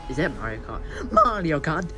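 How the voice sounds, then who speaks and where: A man voicing a cheerful male plumber plush with a put-on Italian accent, excited and playful as he teases his grumpy host. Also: fairly high pitch, normal speed, background noise.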